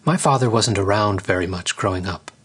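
A man reading a storybook voices a gentle, caring mother lioness who speaks softly and wistfully. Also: lowish voice, a little fast, husky. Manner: soft, coaxing and wistful.

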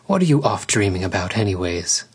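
A man reading a storybook voices a gentle, caring mother lioness who speaks softly and wistfully. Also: on the low side, very animated, brisk, slightly rough, full character voice. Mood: coaxing. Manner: soft, coaxing and wistful.

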